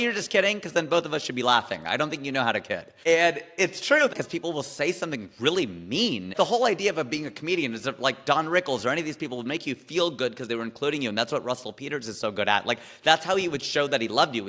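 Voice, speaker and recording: A man, a comedian, chats in a casual interview, animated and full of quick asides. His voice is bright and forceful. It carries a long reverb, as in a large space. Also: mid-range voice.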